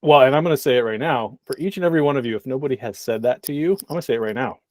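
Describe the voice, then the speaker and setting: A man's voice: mid-range voice, rapid-fire, a little mellow, no room sound. A man hosting a church media meetup, speaking in an encouraging way to the group. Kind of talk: casual group chat.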